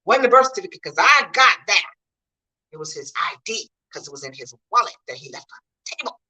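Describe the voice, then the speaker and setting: Chatty and animated, a middle-aged home vlogger from the Mid-US tells stories casually while addressing her viewers head-on. She speaks a little fast in a mid-range voice, and the recording is rough.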